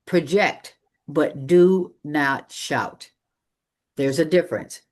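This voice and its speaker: A public speaking coach gives a live training presentation to an audience in a meeting room. The delivery is energetic and emphatic, with a shifting pace that generally runs slow, and the voice is medium in pitch.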